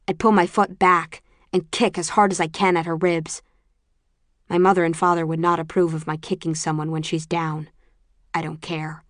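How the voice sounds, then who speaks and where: Female audiobook narrator with a lower register; dry, close delivery that stays measured and sometimes falls almost to a whisper. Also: no room sound. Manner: low-key, measured, dropping to near whispers. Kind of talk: first-person audiobook narration.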